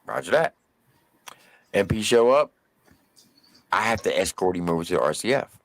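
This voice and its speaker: A man co-hosting a live stream, telling a story casually with drawn-out emphasis and mild cursing. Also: on the low side, expressive, gravelly, no echo.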